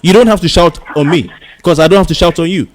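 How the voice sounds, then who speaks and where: A man's voice: fairly high pitch, fast, a little hiss or hum. A man hosting a radio talk show, insistently arguing with a caller and repeating himself to hold the floor. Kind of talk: heated on-air argument with a caller.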